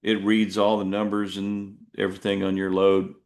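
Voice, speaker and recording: Middle-aged man, low voice, truck driver telling a story, rambling, self-mocking, casual podcast monologue. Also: completely flat delivery, moderate pace, a little mellow. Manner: rambling, self-deprecating, with many restarts; puts on jumpy high voices when quoting people.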